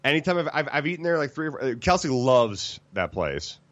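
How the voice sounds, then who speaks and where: A man's voice: a little high, big pitch swings, fairly quick, fairly bright tone, no echo, muffled recording. A man co-hosting a podcast, easygoing and casual, and often laughing. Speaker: podcast co-host. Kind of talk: casual chat.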